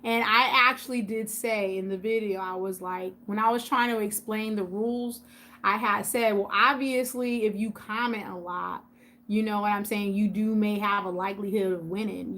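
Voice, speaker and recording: A woman's voice: mid-range voice, fairly bright tone, a little hiss or hum. A woman hosting a casual live stream, chatting with viewers by name and repeating points for emphasis. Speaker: YouTube host on a livestream.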